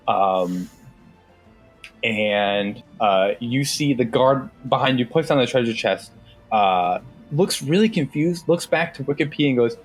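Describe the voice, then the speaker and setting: A man's voice: medium pitch, takes it slowly, faint music behind. A man narrating a tabletop game as game master, casual, with many fillers.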